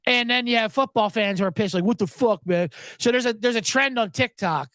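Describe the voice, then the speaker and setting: A man's voice: very high voice, brisk, dry recording. Sarcastic, profane sports podcast host, man. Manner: profane, sarcastic, shouting mock voices.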